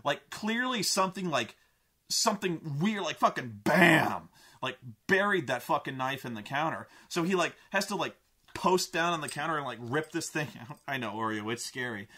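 A high, bright-voiced man rants about a film in a casual vlog. He is exasperated and swears freely, and he rambles through restarts and filler words. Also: animated, moderate pace. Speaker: vlogger, film reviewer. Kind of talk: casual rant.

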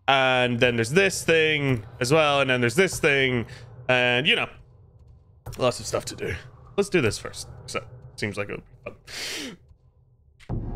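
A man's voice: medium pitch, a bit bright. A man livestreaming a game, chatting casually and jokingly and greeting viewers by name. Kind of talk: casual gameplay commentary.

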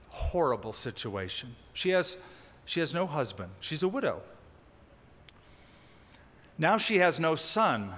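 A male pastor delivers a sermon in a church sanctuary, with a voice that sits a little high for a man. He teaches conversationally, stressing key words and lifting his energy for emphasis, and the sound carries a long hall reverb. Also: fairly bright tone.

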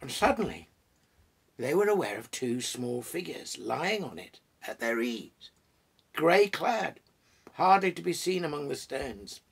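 A man reading a story aloud with expressive, relishing delivery and short asides. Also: on the high side, a little slow, vocal fry, husky.

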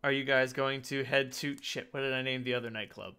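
A man's voice: medium pitch, steady tone, fairly quick, crowd noise. A man narrating as game master of a tabletop role-playing game, chatty and rambling with lots of fillers and the odd swear.

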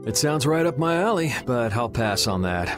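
Cool young male swordsman for a game, mid-pitched and detached, man voicing. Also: lively intonation, normal speed, lightly acted. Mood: wry. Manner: aloof and wry. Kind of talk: game voice acting. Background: game music.

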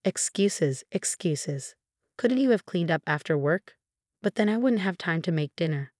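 Bossy mother-in-law, scolding and shameless, read by a woman narrator with a lowish voice. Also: lively intonation, unhurried, darkish tone, no room sound, clean studio sound.

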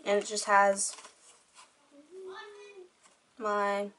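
A woman's voice: medium pitch, monotone, very slow, a bit bright, a little hiss or hum. A teenage girl talking through her things in a casual, rambling show-and-tell chat, with lots of "like" in her speech. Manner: chatty, rambling, heavy use of "like". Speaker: vlogger. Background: crying children.

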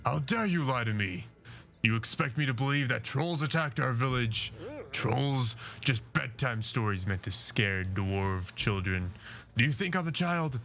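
A man voicing dwarf characters from a video game, an angry chief and a worried old grandfather, reading the dialogue aloud with a gruff, theatrical delivery. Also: mid-range voice, lively intonation, measured pace, a bit bright.

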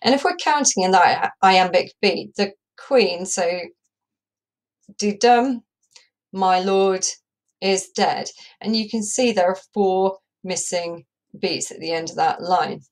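Woman teacher doing a slide lesson, lowish voice, lots of ums, sounds out the beats. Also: unhurried. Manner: explanatory, says "um" a lot, taps out rhythms aloud. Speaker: English teacher. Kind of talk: recorded lesson over slides.

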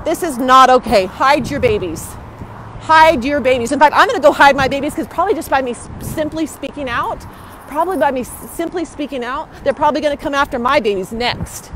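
A citizen livestreamer, a young woman, rushes along outside a courthouse holding her phone, talking indignantly and saying things over and over. Her voice is high and brisk, with a noisy background.

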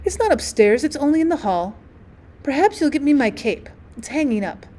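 A woman voicing a frail, fussy invalid wife who gushes fondly in a breathy voice, reading a storybook aloud. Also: high-pitched, very animated, moderate pace, dark tone, pitched above the performer's own voice. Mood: coaxing.

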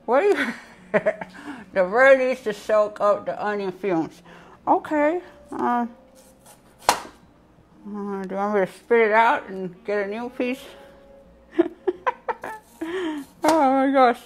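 A woman's voice: on the high side, animated, takes it slowly, pauses often, faint music behind. A woman hosting a casual live cooking show, chatty and giggly, talking to her viewers with a piece of bread in her mouth.

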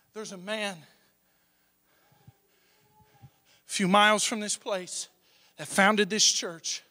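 A young male pastor delivers an impassioned sermon, his voice very high and gravelly with a sharp, bright edge. He swings from loud shouts down to hushed near-whispers. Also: dry recording, studio quality. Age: young adult.

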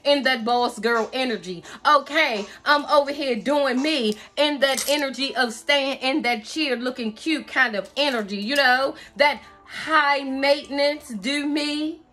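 A woman's voice: sits high, unhurried, few pauses, bright, forceful tone. A woman giving a tarot reading in a sassy, emphatic way, stretching her stresses and calling the listener pet names. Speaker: tarot reader. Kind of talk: tarot reading channeling messages.

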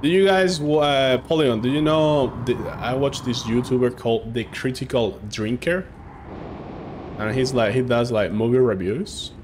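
A young man streaming a game live, chatting excitedly with his viewers and reacting as he plays. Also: medium pitch, moderate pace, noisy background. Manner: excitable, chatty, talks to chat. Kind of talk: casual live game commentary.

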